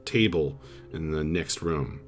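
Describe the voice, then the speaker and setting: A man narrating as dungeon master, slow and halting with many fillers. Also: a bass voice, faint music behind. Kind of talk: narrating a tabletop game.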